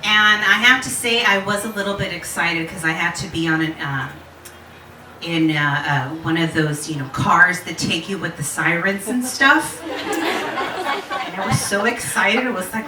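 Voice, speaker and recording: A woman in her forties telling a personal story to a live audience, candid and animated, laughing and swearing freely. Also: mid-range voice, unhurried, echoey room, distant mic, crowd noise, poor audio. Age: 40s.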